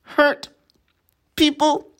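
A woman's voice: mid-range voice, big pitch swings, a little slow, slightly rough. A woman voicing a strange, eager, awkward frog-like young boy who stammers and pleads in a storybook reading. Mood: pleading.

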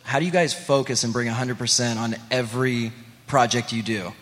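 A man of middle pitch asks his question quickly and earnestly from the crowd. His voice spreads through a theater with long reverb. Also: steady tone, a bit bright. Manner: earnest, rapid. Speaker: audience member asking a question. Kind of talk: fan question at a live show.

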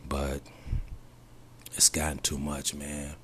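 A man's voice: rumbling low, monotone, takes it slowly, sharp tone, slight background noise. A middle-aged man talking earnestly and from the heart to his regular audience in a personal vlog, often saying "man" and sinking to a near whisper. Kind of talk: personal confessional monologue.

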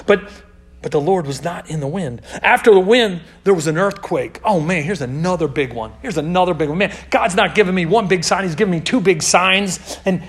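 Young male youth pastor with a high voice. Casual sermon, loud stressed lines that drop to hushed asides. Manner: swings between loud emphasis and hushed, dropped asides; casual, talks to the audience as dude and man.

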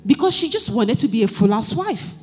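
A woman's voice: a little high, a little fast. A woman pastor in her thirties with a Nigerian accent, preaching a sermon, telling stories and often asking the congregation whether they understand. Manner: storytelling, animated, asks the audience questions. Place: church hall. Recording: church hall reverb, faint music.

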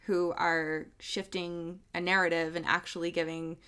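A woman hosts a podcast in a voice that sits a bit low. She sounds thoughtful and articulate. Her conversation is casual, and now and then she picks up speed. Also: flat delivery, a bit bright, clear, resonant tone. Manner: thoughtful, articulate, sometimes quick. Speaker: podcast host.

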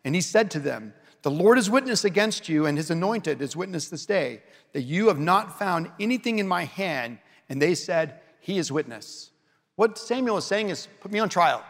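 High-voiced man preaching in a reverberant hall. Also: expressive, normal speed. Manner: varies pace and loudness for emphasis. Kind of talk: expository sermon.

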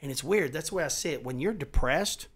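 Profane, animated middle-aged man. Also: fairly high pitch, quick pace, slightly rough. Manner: animated and profane, swears often, voice rising as he gets worked up. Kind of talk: casual chat.

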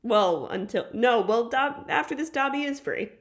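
Playful, slightly high-voiced woman co-host. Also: lively intonation, moderate pace. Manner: playful, self-deprecating, laughs easily. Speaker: podcast co-host. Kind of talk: casual chat.

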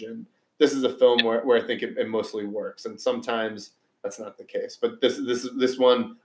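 Guy chatting about movies, trails off and restarts a lot, room echo. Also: mid-range voice. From United States. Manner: rambling, restarts often, muses aloud. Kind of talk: casual film review chat. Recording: roomy echo.

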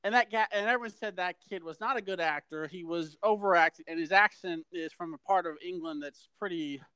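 A man's voice: high-pitched, brisk, bright, forceful tone, clear, resonant tone, no room sound. A man co-hosting a podcast, giving rambling, opinionated film criticism in casual chat. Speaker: podcast co-host.

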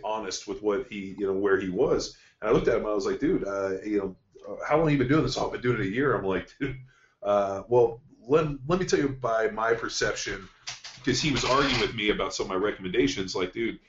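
A man hosting a casual podcast, telling stories in a blunt, profane way. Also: on the low side. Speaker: podcast host, strength coach. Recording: dull, roomy studio sound.

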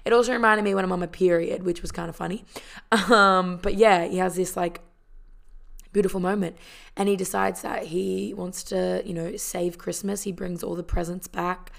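Woman, casual movie recap, heartfelt and chatty, lots of fillers, slightly low voice. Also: level tone, normal speed, creaky. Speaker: vlogger.

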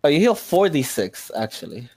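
A man playing a tabletop game over a podcast mic, playful and quick to laugh. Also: fairly high pitch, very animated, darkish tone, breathy edge, no echo. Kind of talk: casual tabletop game play.

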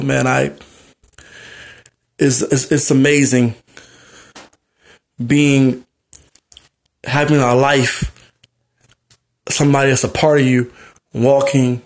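A young man hosting a podcast, talking alone in a rambling, heartfelt way and often asking "you know what I mean". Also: medium pitch. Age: young adult. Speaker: podcast host. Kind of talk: personal monologue.

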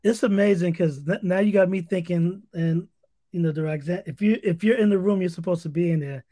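A male podcast host who talks excitedly, stammering and restarting his sentences often. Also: sits high, fairly quick, dry recording. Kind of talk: casual interview talk.

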